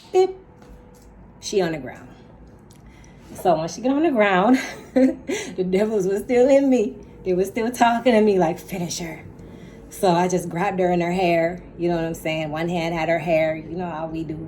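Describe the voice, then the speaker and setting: A woman with a notably low voice tells a story in a loose, chatty way. She leans hard on her words and drops slangy asides. Faint background noise sits under her voice. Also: normal speed. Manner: animated, emphatic retelling with laughs and slang asides. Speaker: storyteller vlogger. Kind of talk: casual storytime.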